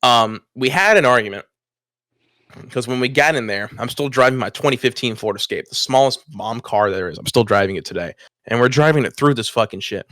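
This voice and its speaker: A man's voice: mid-range voice, fairly quick, dry recording, clean studio sound. A young man co-hosting a podcast, telling a story in casual chat with lots of swearing and laughter. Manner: animated, swears often, laughs mid-story. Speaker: podcast co-host.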